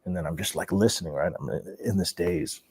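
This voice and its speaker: A man telling his life story in an interview, animated and profane, often laughing as he talks. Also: deep voice, brisk, breathy edge.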